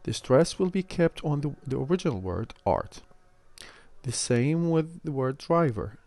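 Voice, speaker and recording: Mellow-voiced man giving a halting phonetics lecture. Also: mid-range voice, big pitch swings, dry recording. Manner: measured, explanatory, frequent "uh" hesitations. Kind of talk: recorded online lecture.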